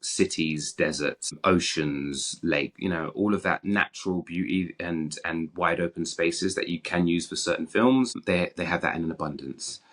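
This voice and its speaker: A British actor speaking as a guest in an interview, frank and animated, often restarting his sentences. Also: deep voice, normal speed, hardly any pauses. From Britain. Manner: frank and animated, with many repeated starts. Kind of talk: candid interview conversation.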